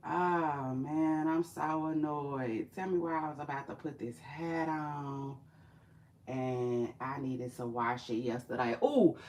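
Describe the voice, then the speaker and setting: A woman vlogging in casual chat to camera, animated, profane and chatty, talking straight to her viewers. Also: low voice, slow, a little hiss or hum.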